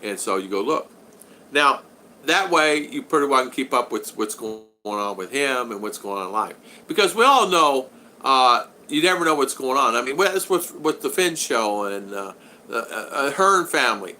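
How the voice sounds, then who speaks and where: A middle-aged man rambles through a casual live stream from home, greeting viewers by name as their comments come in. His voice is bright and forceful. A faint hiss of noise sits under it. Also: medium pitch, expressive, normal speed, low-quality recording. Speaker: vlogger hosting a live stream. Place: home in the Philippines.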